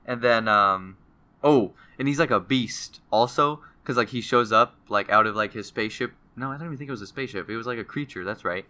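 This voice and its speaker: A young man co-hosting a casual chat about comics and movies, animated and acting out characters in goofy voices. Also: medium pitch, fairly quick. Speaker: podcast co-host.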